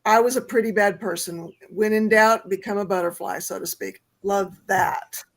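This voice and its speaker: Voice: mid-range voice, fairly even intonation, normal speed, gravelly. A co-host of a recovery chat, supportive and reading viewer comments aloud. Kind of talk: casual recovery group chat.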